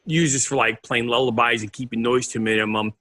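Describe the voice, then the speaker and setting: A man's voice: medium pitch, fairly even intonation, quick pace, pushed and bright. A man co-hosting a casual talk show, answering with short, dry quips. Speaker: podcast co-host. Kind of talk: casual chat.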